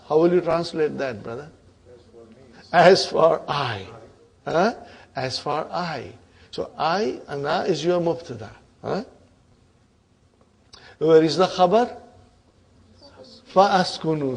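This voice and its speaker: A man teaching an Arabic grammar class, quizzing students with repeated questions and clearing his throat often. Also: a little high, a little mellow, rough recording.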